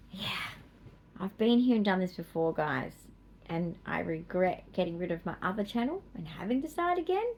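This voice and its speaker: Aussie woman chatting away to her viewers, rambly and playful, little laughs here and there. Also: lowish voice. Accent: Australian. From Australia. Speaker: vlogger. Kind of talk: casual chat.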